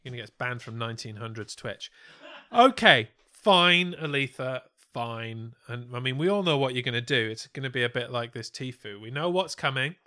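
A man's voice: mid-range voice, a little fast, few pauses, bright, forceful tone. A man co-hosting a casual live-streamed podcast, joking and spinning absurd stories. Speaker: podcast co-host. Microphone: studio mic on a stand.

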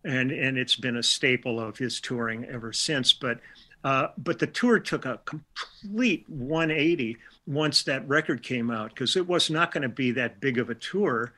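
An older man from Milwaukee with a bright, forceful voice, talking through a long anecdote in a relaxed interview. He wanders through his memories, restarts his sentences and acts out bits of dialogue along the way. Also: medium pitch, unhurried. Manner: chatty, anecdotal, with many restarts and quoted dialogue. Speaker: interview guest, session musician. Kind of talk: casual storytelling interview.

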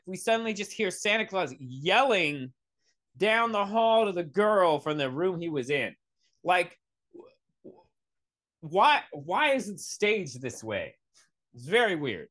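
A man's voice: sits high, fairly bright tone. A man hosting a podcast, reviewing a movie in an exasperated, rambling, sarcastic way and swearing often. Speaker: podcast host. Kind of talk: comedic movie review rant.

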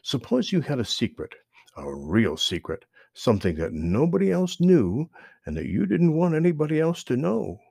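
Male storyteller for a children's tale, expressive and animated, low and gravelly. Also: moderate pace, dry recording, clean studio sound. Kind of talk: reading a children's story aloud.

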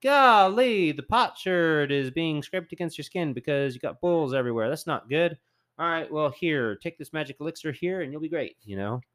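A man's voice: expressive, normal speed, fairly bright tone. A man voicing God as a folksy, cheerful male deity who talks in a chummy, jokey way. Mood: jovial. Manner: chummy, jokey and high-pitched.

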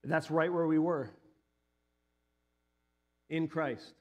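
Earnest man preaching, slightly high voice. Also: fairly even intonation, drawn-out words. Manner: earnest, personal storytelling with rising emphatic peaks. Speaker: pastor. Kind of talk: sermon.

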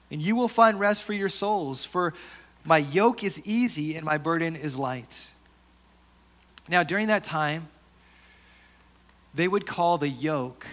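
Earnest man preaching, slightly high voice. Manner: conversational, earnest, with many restarts and soft asides. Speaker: pastor. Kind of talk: sermon.

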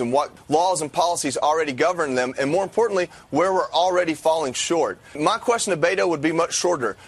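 A man's voice: a little high, husky. A man co-hosting a podcast, delivering pointed, emphatic opinion commentary. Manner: pointed and emphatic, with blunt verdicts.

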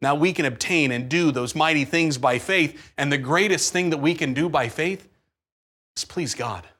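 A man preaching a sermon, animated, acting out his own pleading prayers. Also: fairly high pitch, normal speed, husky. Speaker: pastor.

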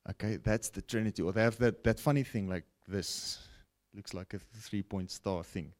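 A man preaching a broadcast sermon, with animated rises and falls and frequent "okay?" check-ins to his listeners. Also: lowish voice, moderate pace. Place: broadcast teaching setting.

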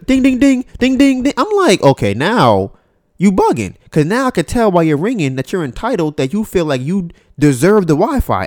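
A man talking casually on his podcast, his pitch swinging widely as he acts out each character in the story. His voice sits in a middle register, and the recording is dry and close with almost no room sound. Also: no room sound. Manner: animated, acts out both sides of the story. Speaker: podcast host.

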